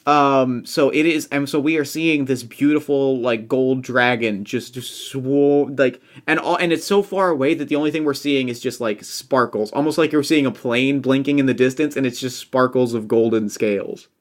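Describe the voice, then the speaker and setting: A man's voice: medium pitch, normal speed, hardly any pauses. A man playing a tabletop role-playing game, talking hesitantly with many fillers and restarts. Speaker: player. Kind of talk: tabletop role-play chat.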